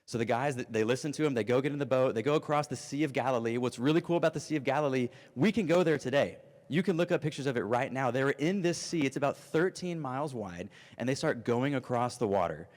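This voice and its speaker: A man in his thirties preaching an animated, storytelling youth sermon. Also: medium pitch, fast talker, few pauses. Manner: animated storytelling, acts out voices. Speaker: youth pastor. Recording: long reverb of a hall.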